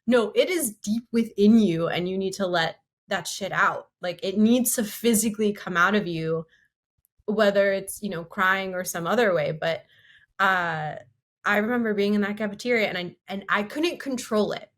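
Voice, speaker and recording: A woman co-hosting a casual podcast chat, her voice sitting at an ordinary middle pitch. She tells a personal story candidly and with animation, moving quickly from one thought to the next. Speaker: podcast co-host.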